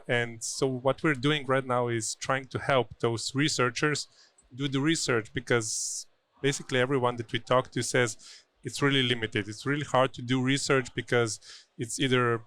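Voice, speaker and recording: A man from Slovenia, an attorney speaking as a guest in an interview, earnest and halting, with many restarts. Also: medium pitch, a bit bright. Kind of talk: conversational interview. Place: busy conference venue.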